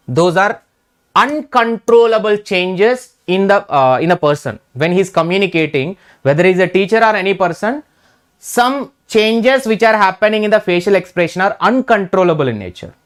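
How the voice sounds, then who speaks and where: A man's voice: sits high, fairly bright tone, clean tone. A man teaching an exam revision lecture in Indian English, repeating key terms and checking in with "right?".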